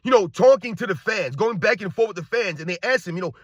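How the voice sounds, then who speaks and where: A middle-aged sports commentator rants heatedly and repetitively, speaking directly to his viewers. His voice is high-pitched and fast with lively intonation. The audio is dull and carries no room sound.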